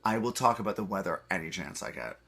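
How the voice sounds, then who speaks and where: Hoarse, animated man. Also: deep voice. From eastern Ontario, Canada. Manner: animated, with quick self-deprecating asides. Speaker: comedian. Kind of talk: comedic monologue.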